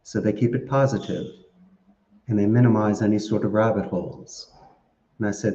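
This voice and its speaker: Podcast guest: low-voiced man, chatty storyteller, roomy dull lo-fi sound. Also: moderate pace, pauses often. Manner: chatty, laughs often, animated storytelling. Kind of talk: casual interview answers.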